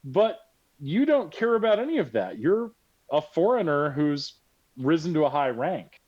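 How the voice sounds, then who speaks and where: A man's voice: a little high, normal speed, highs cut off. A man acting as game master in an online tabletop game, chatty and encouraging. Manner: chatty, encouraging, lively intonation. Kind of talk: narrating a tabletop game over voice chat.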